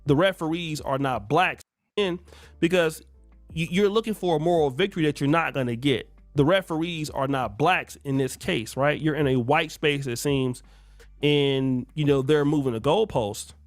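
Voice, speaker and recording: A man's voice: fairly high pitch, moderate pace, dry recording, soft background music. A man giving mocking, trash-talking commentary on a clip, laughing often. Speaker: commentator reacting to a stream clip.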